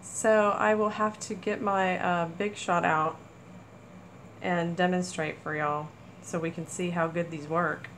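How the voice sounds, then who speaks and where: A woman hosting a casual crafting haul video, gushing with excitement over small items. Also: fairly low pitch, a little slow, slight background noise, poor audio. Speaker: crafting channel host. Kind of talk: casual haul chat to camera.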